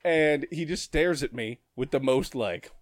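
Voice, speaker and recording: A man's voice: fairly high pitch, unhurried, no echo, studio quality. A man co-hosting a casual chat, telling a workplace story with a lot of swearing and frequent laughter. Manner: profane, animated, laughs often.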